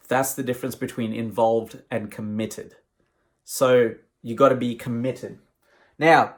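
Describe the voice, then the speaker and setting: Higher-pitched man giving an emphatic motivational talk. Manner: emphatic and conversational. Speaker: professional speaker.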